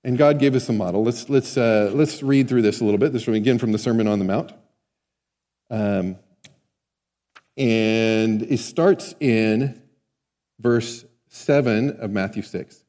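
Guy preaching to his church, chatty, keeps asking the crowd stuff, warm mellow voice, echoey hall. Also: on the low side, measured pace. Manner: conversational, asks the congregation questions. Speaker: pastor. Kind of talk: sermon. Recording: long hall reverb.

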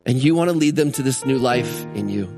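A man's voice: medium pitch, animated, brisk, in a large hall, over music. A male pastor preaching a sermon in a church, emphatic and repeating phrases for stress. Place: church sanctuary.

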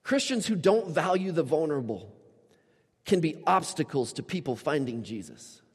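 A male pastor tells stories animatedly in his sermon, slipping into the voices of the people he quotes. His voice sits a little high for a man, is slightly rough and swings widely in pitch at a moderate pace, ringing with a long church-hall reverb.

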